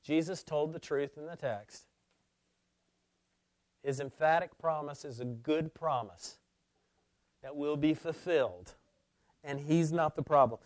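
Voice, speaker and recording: Man preaching a sermon, loud emphatic peaks dropping to hushed near-whispers, fairly high voice, dry close sound. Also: a little slow, pauses often, no echo.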